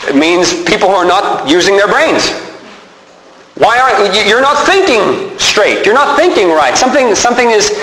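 Guy preaching in a big echoey church hall, lively voice that jumps around, keeps repeating himself for emphasis. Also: sits high, moderate pace, slight background noise. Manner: animated, stresses words, repeats himself. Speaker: pastor. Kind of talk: sermon. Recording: echoey hall with long reverb.

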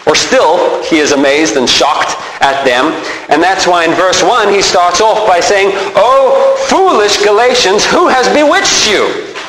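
A man preaching a sermon as pastor, animated and emphatic, often repeating himself as he stresses a point. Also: on the high side, a little hiss or hum. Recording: echoey hall with long reverb.

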